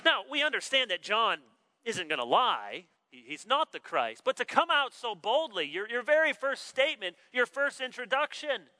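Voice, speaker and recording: A man's voice: very high-pitched, moderate pace, low-quality recording. A man, preaching an expository sermon and acting out the voices he quotes. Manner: animated, acts out quoted voices. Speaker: pastor.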